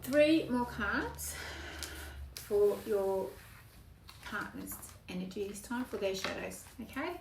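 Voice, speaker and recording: A woman giving a spoken tarot reading in an earnest, emotional way, with slow emphatic phrasing. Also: mid-range voice, animated, gravelly. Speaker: tarot reader. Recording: echoey room, voice from off-mic, background noise.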